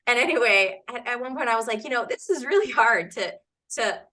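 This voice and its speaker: A woman in her thirties hosting a casual conversation, an animated storyteller who laughs and acts out dialogue. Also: on the high side, brisk. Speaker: host.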